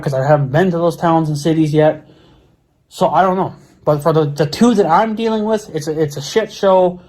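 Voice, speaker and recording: A middle-aged man with a high-side, slightly mellow voice rants on his vlog at home, near his mower and four-wheeler. The casual tirade is exasperated and laced with swearing, and he stumbles and repeats himself as he goes.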